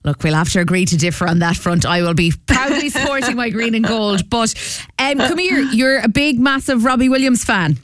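A woman's voice: fairly high pitch, fairly quick, dry recording, studio quality. A woman with an Irish accent presenting a radio show, chatting and teasing a caller in an upbeat way. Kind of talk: radio call-in chat. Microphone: studio microphone.

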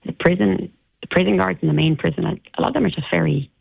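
An Irish woman, an interview guest, recounting an ordeal in a halting way with many restarts, heard over a tinny phone line. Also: fairly low pitch, gravelly, slightly rough, dry recording. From Ireland.

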